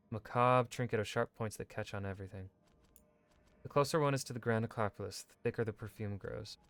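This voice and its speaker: A man streaming a video game, reading in-game lore texts aloud in a measured, steady way with brief asides. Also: fairly low pitch. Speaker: gaming streamer.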